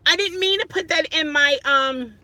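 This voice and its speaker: A woman's voice: high-pitched, normal speed, bright, forceful tone, no room sound. A woman rideshare driver chatting casually on a phone livestream from her parked car at night, flustered and exclaiming often. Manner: flustered, exclaiming and laughing at herself.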